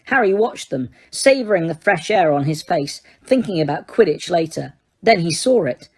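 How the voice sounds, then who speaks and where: A woman narrating an audiobook in a steady reading voice, sometimes correcting a slipped word. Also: fairly low pitch, normal speed, breathy edge.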